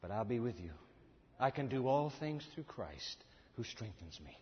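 A male preacher delivering a sermon, swinging from loud exhortation to hushed intensity, in a church. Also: medium pitch, sing-song, normal speed. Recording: echoey hall, dull lo-fi sound.

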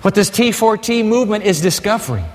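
A man preaching a sermon as pastor, energetic and exhorting, his voice climbing to excited peaks. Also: high-pitched, a little fast. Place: large church sanctuary. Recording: long reverb of a large hall.

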